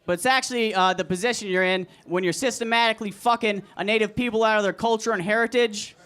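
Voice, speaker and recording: A young man doing a crude, deadpan, self-deprecating stand-up comedy set at an open mic in a comedy club. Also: high voice, fast talker, clean tone. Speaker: stand-up comic. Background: audience laughter.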